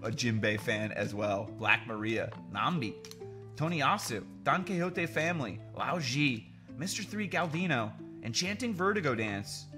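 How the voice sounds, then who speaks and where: A host of a card-opening channel, chatting casually like a fan while reading out card names, and bursting into loud excitement over rare pulls. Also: mid-range voice, a little slow. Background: background music.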